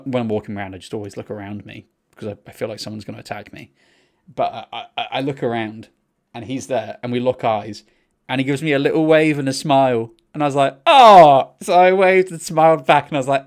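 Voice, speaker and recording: A young man, co-hosting a podcast and telling a rambling, sweary story in casual chat. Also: fairly quick. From England. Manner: rambling, sweary storytelling with excited pitch jumps. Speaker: podcast co-host.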